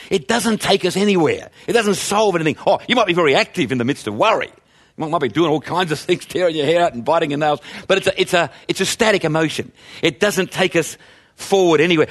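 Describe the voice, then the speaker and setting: A man delivers a sermon in a relaxed, talky way, as if chatting with the congregation. He asks rhetorical questions as he goes, and his voice sits a little higher than most men's. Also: brisk. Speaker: pastor.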